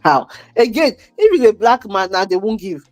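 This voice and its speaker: A middle-aged woman, co-hosting a casual chat, emphatic and scolding in quick bursts. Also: medium pitch, big pitch swings, no echo, soft background music. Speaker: podcast co-host.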